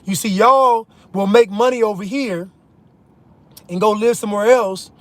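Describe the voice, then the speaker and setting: A man's voice: high voice, a little slow, no echo. An American man giving an opinion monologue to his viewers from inside a car while driving, emphatic, repeating his points and calling his audience "y'all". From United States. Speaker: vlogger.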